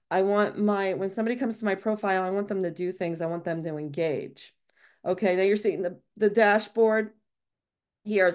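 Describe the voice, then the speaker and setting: A woman social media trainer walking viewers through a webinar screen-share, talking fast and chatty with frequent restarts. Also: medium pitch, darkish tone.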